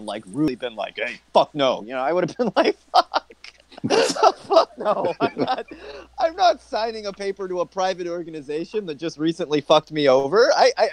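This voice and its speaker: A man hosting a casual political podcast, talking in an animated, profane way and laughing often. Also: high voice. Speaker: podcast host.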